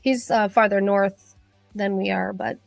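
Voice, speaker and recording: A middle-aged woman, a cosmetologist chatting with viewers on a live stream, excitable and rambling with many fillers. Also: mid-range voice, creaky, no echo. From Michigan. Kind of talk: casual live-stream chat.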